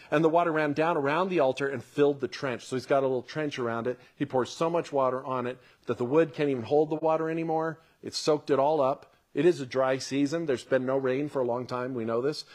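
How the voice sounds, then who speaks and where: A man preaching a conversational sermon who reads scripture aloud and comments on it, sometimes dropping to a hush for emphasis and sometimes building with excitement. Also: on the high side. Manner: earnest, drops to a hush for emphasis, then swells with excitement.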